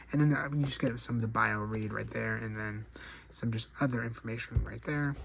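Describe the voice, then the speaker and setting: A man's voice: mid-range voice, creaky, a bit bright, husky. A man casually reviewing an action figure, rambling and correcting himself as he goes. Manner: rambling, self-correcting, chatty. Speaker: toy collector reviewer.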